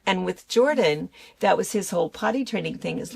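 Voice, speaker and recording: Laughing, gravelly older woman. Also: fairly low pitch, brisk. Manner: animated storytelling, laughs often. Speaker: shop owner and co-host. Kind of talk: casual chat.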